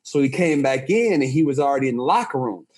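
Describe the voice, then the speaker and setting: A man co-hosting a podcast, telling a story in an animated way and laughing often. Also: medium pitch, fast talker. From United States. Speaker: podcast co-host. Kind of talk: casual chat.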